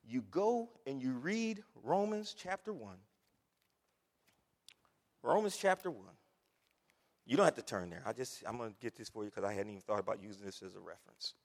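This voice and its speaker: A man preaching a sermon, swinging from hushed whispers to loud exhortation. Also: medium pitch, expressive, moderate pace, pauses often. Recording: long hall reverb.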